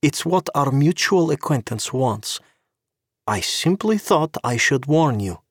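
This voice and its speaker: A man's voice: a little high, animated, slow pace, husky, dry recording, clean studio sound, pitched above the performer's own voice, full character voice. A man voicing a cool, poised female spy who speaks sweetly and knowingly in a lifted voice. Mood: coy.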